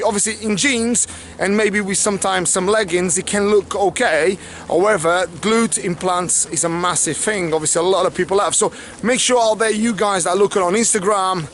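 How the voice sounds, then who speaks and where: A man who is a fitness trainer, talking fast and casually to camera, often repeating "okay" and "obviously". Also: sits high, a bit bright, slight background noise. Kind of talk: casual motivational talk to camera.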